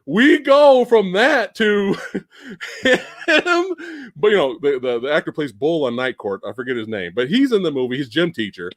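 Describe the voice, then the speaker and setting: A high-voiced man chats about a film on a live stream, his pitch leaping all over as he acts out scenes and yells the lines. The sound is close and dry, with no room around it. He swears freely and laughs through his retellings. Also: normal speed, dry recording. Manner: animated, swearing, acts out scenes with shouted quotes. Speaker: podcast host. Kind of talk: casual movie review chat.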